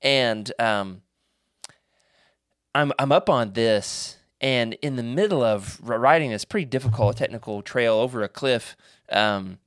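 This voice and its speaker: A man co-hosts a casual podcast chat, rambling through long stories with lots of restarts and animated quoted voices. His voice sits in an ordinary middle pitch. The recording is close and dry. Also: dry recording. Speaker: podcast co-host.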